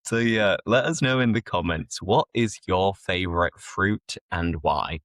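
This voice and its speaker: Lively low-voiced male host, dry. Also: slow, no room sound. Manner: laughs easily, addresses viewers directly. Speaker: host, English teacher. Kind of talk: casual chat.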